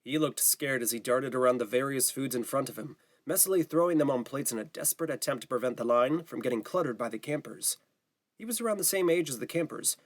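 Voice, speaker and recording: A man narrating an audiobook in a steady, even reading style. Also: mid-range voice. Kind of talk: scripted narration.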